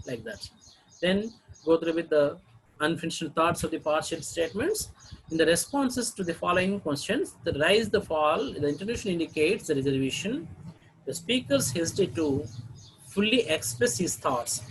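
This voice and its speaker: A man teaching a lesson on English intonation, reading example sentences with exaggerated rises and falls and pausing often to restart. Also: fairly high pitch, expressive, slight background noise, low-quality recording. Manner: hesitant, with fillers and restarts.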